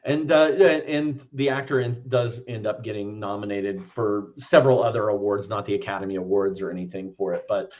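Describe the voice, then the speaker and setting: A man's voice: lowish voice, brisk, few pauses, darkish tone. Rambling, swearing man on a lo-fi mic. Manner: loose and rambling, swears freely. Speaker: podcast co-host. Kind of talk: casual film discussion.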